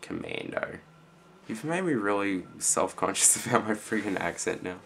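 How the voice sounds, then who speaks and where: A teenage boy with an Australian accent, rambling casually in a vlog reply with lots of fillers and quiet trailing-off phrases. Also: lowish voice, expressive, normal speed, vocal fry, a little hiss or hum. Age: teens. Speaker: student vlogger.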